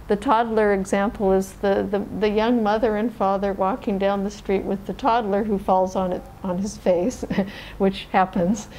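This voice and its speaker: Calm woman meditation teacher. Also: medium pitch, a little hiss or hum, low-quality recording. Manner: calm, unhurried explaining. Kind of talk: dharma talk. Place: meditation center hall.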